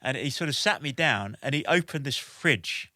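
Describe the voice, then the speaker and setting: A man in his forties, a podcast guest telling a lively anecdote in an animated way, with lots of "like" and "basically". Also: medium pitch, normal speed, no echo, studio quality. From United Kingdom. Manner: animated, with many "like" and "basically" fillers. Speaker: podcast guest, military veteran.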